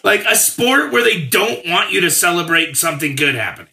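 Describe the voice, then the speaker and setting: Blunt high-voiced man arguing. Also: sing-song, brisk, creaky, sharp tone. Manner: blunt, emphatic opinions. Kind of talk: casual debate.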